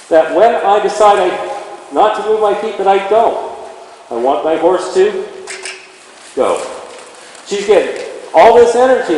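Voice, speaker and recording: A man's voice: sits high, darkish tone. Man teaching in an echoey arena. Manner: talks to the horse while explaining. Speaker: horse trainer. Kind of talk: instructional demonstration. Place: indoor riding arena. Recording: very echoey arena with faint ambient noise.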